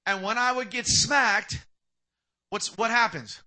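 A young man preaching a sermon from the pulpit, emphatic and animated, often acting out quoted speakers. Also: very high voice, slow pace. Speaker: pastor.

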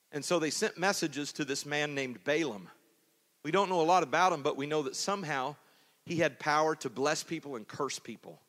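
A male pastor preaching a sermon, moving between loud exhortation and quieter storytelling. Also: on the high side, big-room sound.

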